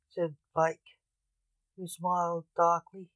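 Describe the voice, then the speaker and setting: A storyteller narrating a short tale aloud at a very slow, measured pace. The voice sits at a middle pitch. The sound is dry and close, with no room echo. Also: fairly even intonation.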